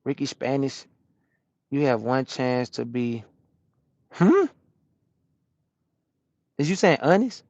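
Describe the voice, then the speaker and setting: A man who drives a truck, chatting casually with his stream chat from his cab and answering questions out loud in loose slang. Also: medium pitch, sing-song, slow pace, long pauses, no room sound, muffled recording. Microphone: small camera-mounted microphone.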